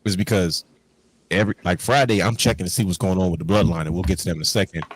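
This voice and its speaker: A man's voice: low voice, steady tone, fast, no room sound, low-quality recording. A man co-hosting a wrestling talk show, talking enthusiastically and rambling. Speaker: podcast co-host. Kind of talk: casual chat.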